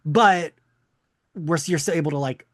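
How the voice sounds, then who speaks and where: A man's voice: a little high, normal speed, fairly bright tone, no room sound, clean studio sound. A man who is a teacher, speaking as a podcast guest in casual chat, hesitant and full of "um" and "like". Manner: hesitant, many "um" and "like".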